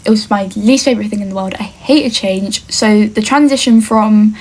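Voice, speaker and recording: Speaking at a moderate pace in a darkish, mid-range voice, a young woman from England earnestly addresses the camera in a casual get-to-know-me vlog. Her manner is chatty, peppered with "like" and "obviously."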